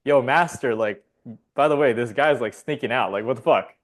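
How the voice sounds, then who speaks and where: A man's voice: mid-range voice, moderate pace, lightly acted. A man playing an indignant young tattletale monk who complains in an outraged, slangy way.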